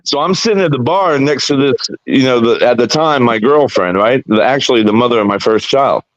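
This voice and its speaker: A man's voice: mid-range voice, brisk, no echo, highs cut off. A man from South Carolina telling a bar fight story in casual, profane podcast chat. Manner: profane, animated storyteller acting out quotes. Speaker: podcast co-host.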